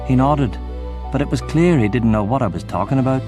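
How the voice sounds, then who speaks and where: A man's voice: medium pitch, expressive, brisk, music in the background. A man reading a thriller audiobook, acting out the dialogue dramatically. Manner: dramatic, acts out the shouting dialogue. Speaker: audiobook narrator. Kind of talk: scripted audiobook narration.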